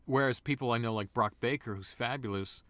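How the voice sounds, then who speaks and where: Animated man telling stories, dry sound. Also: medium pitch, a little fast, no room sound. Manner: animated storyteller, slips into voices. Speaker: guest voice actor. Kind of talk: casual interview chat.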